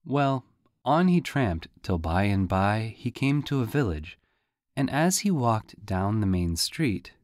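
A man narrating a storybook audiobook in a lively, folksy way. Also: fairly low pitch, no echo, studio quality. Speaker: audiobook reader.

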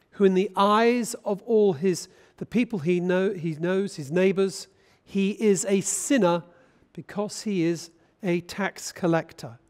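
A British bishop delivers a sermon in a church, his voice sitting high for a man. He speaks in an easy, conversational way, often turning to ask his listeners questions. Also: darkish tone. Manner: conversational, asks the congregation questions. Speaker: bishop preaching.

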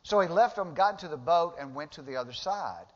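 Man, pastor, sermon, fairly high voice, conversational with emphatic bursts, long church reverb. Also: animated, brisk. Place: church sanctuary. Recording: dull lo-fi sound with long hall reverb.

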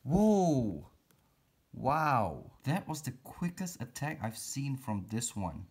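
A man's voice: mid-range voice, sing-song, a little slow, darkish tone, husky. A man narrating a casual pet-keeping vlog, chatty and teasing his spiders as he feeds them. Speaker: reptile and spider keeper vlogger.

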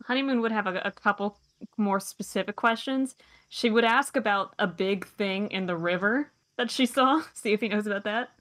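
A woman playing a tabletop game at a middle pitch, animated and giggly as she says what her character does. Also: normal speed. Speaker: player. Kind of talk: tabletop role-play.

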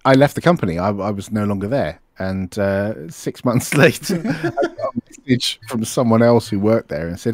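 Lively low-voiced man telling stories. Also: normal speed, hardly any pauses, a little hiss or hum. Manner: laughs through anecdotes. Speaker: stream co-host. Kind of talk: casual storytelling chat.

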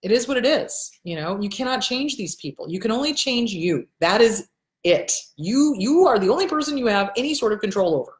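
Speaking to camera in front of an indoor backdrop, a host and counselor answers viewer questions with a lively, somewhat high voice at a slightly quick pace, and the room reverberates. She talks casually but bluntly and emphatically, hammering her main points, cursing now and then, and putting on a different voice to play the people she quotes.

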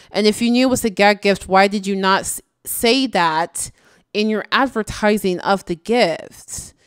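A woman's voice: mid-range voice, clean tone, dry recording, clean studio sound. A woman giving casual, exasperated reaction commentary, slangy and tired late at night. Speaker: YouTube commentator.

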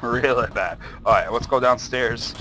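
A young man commentating a horror game, jumpy and excitable, swearing and shouting when scared. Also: mid-range voice, moderate pace, dull audio. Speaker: gaming video host.

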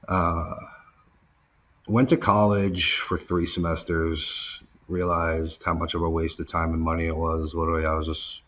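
A low-voiced man with a husky grain tells his story loosely, full of swearing and filler. When he quotes someone, his voice shoots up. The recording sounds dull and muffled. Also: a bit bright. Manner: casual, profane, filler-heavy storytelling; acts out quoted people, voice jumping up when heated. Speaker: interview guest. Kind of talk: casual interview storytelling.

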